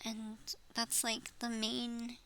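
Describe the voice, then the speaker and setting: A woman's voice: fairly high pitch, completely flat delivery, slow, bright, forceful tone, slight background noise, poor audio. A woman in her thirties rambling in a personal vlog, frustrated, trailing off and swearing as she vents. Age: 30s. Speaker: vlogger. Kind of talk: rambling personal venting monologue.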